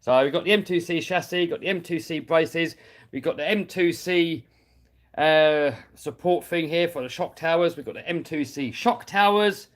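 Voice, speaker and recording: A British man talks casually on a live stream, reading out viewer comments while he works on a model car. His voice sits slightly high for a man, and he laughs easily. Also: moderate pace. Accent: British English. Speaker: RC hobby YouTuber reading live chat.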